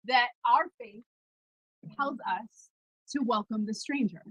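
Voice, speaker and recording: A woman's voice: a little high, takes it slowly, fairly bright tone, breathy edge, no echo, lo-fi sound. A woman, a mother and person of faith, giving an assured, rousing speech at a rally. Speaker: speaker at a political rally.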